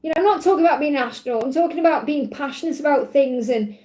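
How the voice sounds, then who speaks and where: A woman's voice: high-pitched, rapid-fire, warm tone, reverberant. A woman hosting a spiritual live stream, talking in a heartfelt, rambling way with plenty of fillers. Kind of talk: emotional live-stream talk.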